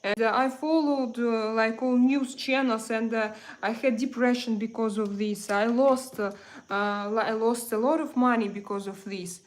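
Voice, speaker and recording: Russian lady doing a live makeup stream, kinda high voice, talks straight to chat, gets fired up fast. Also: fairly even intonation. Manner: chatty, reads out viewer comments, quick to get heated. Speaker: livestream host. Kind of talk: casual livestream chat with viewers.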